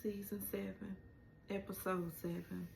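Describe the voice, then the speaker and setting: Slow-talking emotional woman recapping a show. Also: mid-range voice, flat delivery, gravelly, a little mellow, echoey room, a little hiss or hum. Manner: emotional, retelling scenes with rising exclamations. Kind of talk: casual episode recap.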